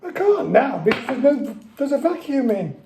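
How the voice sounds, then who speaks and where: A man's voice: extremely high pitch, big pitch swings, normal speed, creaky, echoey room, noisy background. A man cooking in a home kitchen, grumbling and often asking "eh?" as he chats casually. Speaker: cook on a home cooking show. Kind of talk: casual chat while cooking.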